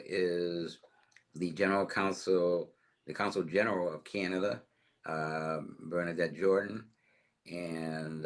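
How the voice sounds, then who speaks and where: A man making an announcement at a town planning board meeting, halting and full of fillers. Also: sits low. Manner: halting, many fillers and restarts.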